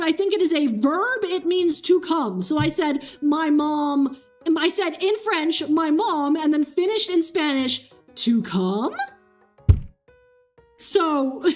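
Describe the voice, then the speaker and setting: A young woman with a high-pitched voice chats loosely with her stream audience, reading chat messages aloud and slipping into quoted voices while telling a story. She laughs often between lines, and faint music plays behind her.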